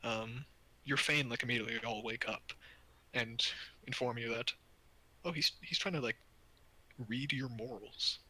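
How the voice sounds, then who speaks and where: A man's voice: mid-range voice, moderate pace, bright, forceful tone, breathy edge, rough recording. A man narrating a tabletop game as game master, in a casual, loose way full of fillers.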